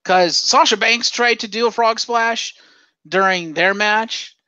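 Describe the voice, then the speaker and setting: Male co-host, sarcastic and profane, bright edge, dry close mic. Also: high voice, slow, clear, resonant tone, no room sound, muffled recording. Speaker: podcast co-host. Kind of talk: casual wrestling chat.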